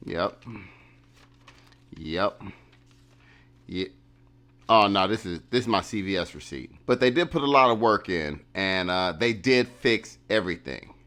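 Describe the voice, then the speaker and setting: A man's voice: sits low, a little slow, pauses often. Man telling a casual vlog story. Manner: animated, repeating catchphrases, acting out quotes. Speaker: vlogger.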